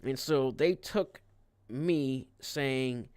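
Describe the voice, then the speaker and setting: A man's voice: on the high side, steady tone, a little slow, smooth, no echo, studio quality. A man streaming a casual rant, rambling and cursing, with frequent restarts. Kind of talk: casual ranting livestream.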